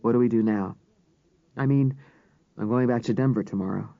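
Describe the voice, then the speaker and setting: A male narrator voicing an earnest male FBI agent who speaks low, quiet and urgent. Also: moderate pace, vocal fry, no echo, close to an everyday voice. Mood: serious. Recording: slightly dull audiobook recording.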